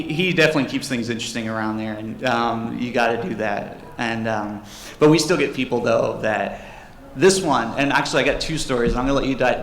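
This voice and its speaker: A man's voice: mid-range voice, fairly bright tone. A young man, a jeweler, casually telling funny customer stories to a convention audience and acting out the people in them. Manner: jokey, acts out customers and his dad in raised voices. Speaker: jeweler giving a convention panel talk. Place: convention panel room. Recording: roomy hall with faint background noise.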